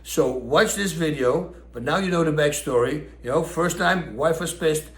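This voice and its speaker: Middle-aged man with a Dutch accent, lively raconteur, slightly high voice, roomy echo. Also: normal speed. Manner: animated, acts out quotes with raised pitch. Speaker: storyteller host. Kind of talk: casual storytelling. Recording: echoey room.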